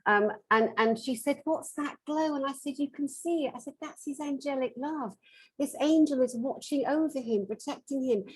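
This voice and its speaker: A woman's voice: sits high, normal speed, low-quality recording. A woman working as a metaphysical therapist, telling a story on a conference panel and acting out the lines of the people in it. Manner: animated, acts out quoted dialogue.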